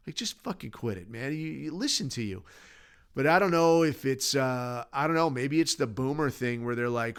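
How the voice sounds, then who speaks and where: A man's voice: mid-range voice, a little fast, clean tone. A man hosting a podcast, ranting alone in a rambling, profane, sardonic way. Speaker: podcast host. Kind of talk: casual solo rant.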